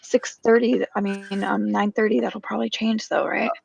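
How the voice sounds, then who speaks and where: A woman co-hosting a casual live stream, hesitant, with quick reactions. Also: mid-range voice, level tone, gravelly, darkish tone, a little hiss or hum.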